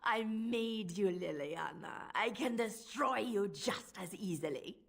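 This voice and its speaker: A husky French-accented spymistress. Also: female voice, medium pitch, expressive, takes it slowly, full character voice. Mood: threatening. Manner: silky, menacing, theatrical. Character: scheming woman spymistress, cold and manipulative. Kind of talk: video game voice acting.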